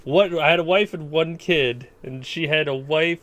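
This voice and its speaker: Man podcast co-host, somewhat higher voice, playful and teasing. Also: normal speed, fairly bright tone. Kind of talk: casual gaming chat.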